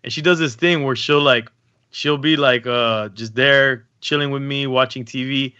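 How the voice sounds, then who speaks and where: A man chatting casually on a podcast, telling lively stories and swearing freely, often acting out other people in a squeaky falsetto. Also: normal speed, clear, resonant tone, no room sound, dull audio. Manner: animated storyteller, acts out voices in high falsetto. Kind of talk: casual chat.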